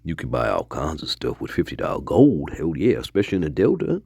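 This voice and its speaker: A man playing a rambling, profane old Delta storyteller with a husky, gravelly voice, drifting off into digressions. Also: low-pitched, wildly swooping pitch, quick pace, no room sound, studio quality, full character voice. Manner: rambling, profane, digressive, jumps between hushed mutters and loud outbursts. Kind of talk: improvised comedic monologue.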